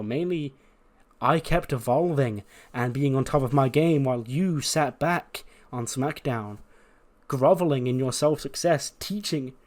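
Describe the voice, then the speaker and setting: A man narrating a wrestling-management game playthrough in a loose, rambling way. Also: mid-range voice. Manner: loose, rambling, many "like"s and restarts. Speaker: let's-play creator.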